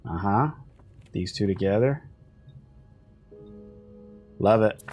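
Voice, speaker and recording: A man's voice: sits low, measured pace, pauses often, faint music behind. A man playing a video game, reading in-game notes aloud and adding chatty, rambling asides. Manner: chatty asides, trailing off mid-thought. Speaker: gaming youtuber. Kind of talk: casual let's-play commentary, reading in-game notes aloud.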